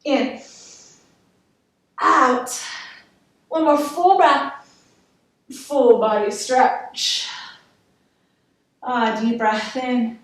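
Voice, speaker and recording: A woman's voice: sits high, extremely slow, pauses often, recorded from a distance. A woman yoga instructor guiding a workout class, encouraging and counting down reps. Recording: echoey room, voice from off-mic.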